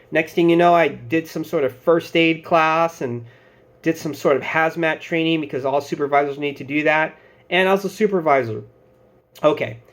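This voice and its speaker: A man's voice: on the high side, brisk. A man, in his thirties, giving casual advice to camera and telling stories, acting out what bosses and coworkers said. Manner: loose storytelling, acting out quoted bosses and coworkers. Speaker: security channel host giving advice.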